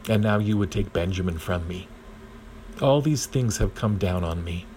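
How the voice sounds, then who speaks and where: A man's voice: sits low, lively intonation, normal speed, darkish tone, slight background noise. A man voicing a grieving, stubborn old father in a storybook reading.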